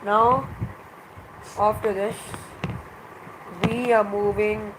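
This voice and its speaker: A teacher giving a grammar revision lesson, explaining slowly and in measured steps with many pauses. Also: medium pitch, little pitch movement, background noise.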